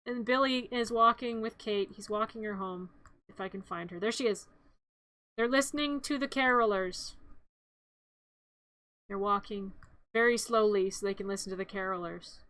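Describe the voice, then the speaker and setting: A woman's voice: medium pitch, normal speed, long pauses, fairly bright tone. A woman streamer narrating a movie in a playful, rambling, chatty way with little quips.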